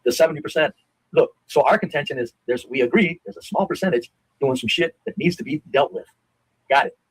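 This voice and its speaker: Fast, high-voiced blunt man in debate. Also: expressive, husky, no echo, low-quality recording. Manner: blunt, insistent, swears, drops to a low grumble. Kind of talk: heated live stream debate.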